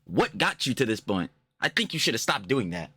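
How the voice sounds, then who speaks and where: A man's voice: fairly low pitch, sing-song, fairly quick, sharp tone, breathy edge, dry recording. A young man giving profane, mocking reaction commentary, ranting and laughing. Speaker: commentary YouTuber.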